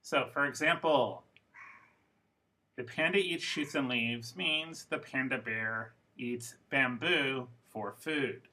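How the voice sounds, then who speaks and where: A man teaching an English pronunciation lesson, speaking slowly and carefully and repeating model phrases for his students. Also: mid-range voice, sharp tone. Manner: slow, careful, demonstrative delivery with model phrases.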